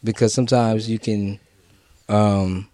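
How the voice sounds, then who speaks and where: A man's voice: fairly low pitch, measured pace, dry recording. Slangy man in dry, close sound. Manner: relaxed, slangy, conversational. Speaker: podcast co-host. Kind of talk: casual chat about prayer.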